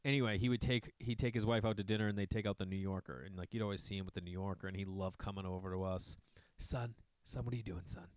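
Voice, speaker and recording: Guy spinning a rambling story, swears a lot, smooth clear voice, dry close sound. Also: sits low, very fast, hardly any pauses, dry recording. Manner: profane, animated storytelling with asides. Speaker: comedian telling a story. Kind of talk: casual storytelling.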